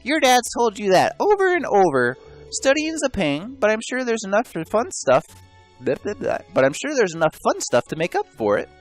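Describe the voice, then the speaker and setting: A man's voice: sits high, huge pitch swings, moderate pace, faint music behind, pitched above the performer's own voice. A man doing a teasing young schoolboy. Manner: teasing, wildly swinging delivery.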